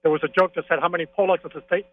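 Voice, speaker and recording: A high-pitched male caller comes through a tinny phone line. He rants with excitement about his team, stacking opinions and asides in casual call-in chat. His tone stays chatty and insistent. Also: racing, a little hiss or hum. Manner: excitable, opinionated sports fan.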